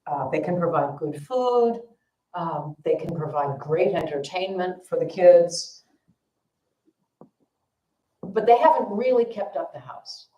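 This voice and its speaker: A woman's voice: on the low side, animated, slow pace, pauses often, dark tone, highs cut off, slight background noise. A woman dharma teacher telling a story at a family service, casual and self-deprecating, with fillers. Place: temple hall. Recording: echoey temple hall.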